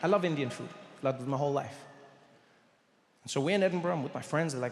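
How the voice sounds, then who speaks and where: A man from South Africa telling a stand-up story in an animated, playful way, stretching out his punchlines. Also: on the high side, fast. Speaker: stand-up comedian. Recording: echoey hall, faint audience ambience.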